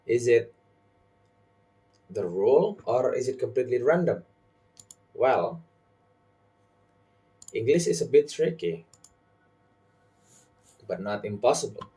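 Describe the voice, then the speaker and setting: Slow, deliberate young male tutor. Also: sing-song. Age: young adult. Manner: slow and deliberate, stresses example words loudly and high. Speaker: English pronunciation tutor. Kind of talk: scripted lesson.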